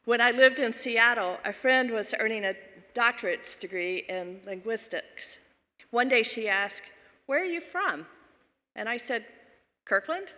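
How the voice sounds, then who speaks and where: Bright-voiced Southern-raised woman minister. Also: on the high side, steady tone, moderate pace, big-room sound. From American South. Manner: folksy, chuckling asides. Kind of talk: sermon storytelling.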